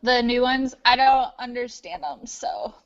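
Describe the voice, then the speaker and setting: A woman's voice: on the high side, flat delivery, unhurried, dull audio. A woman chatting casually, cheerful and giggly. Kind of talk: casual group chat.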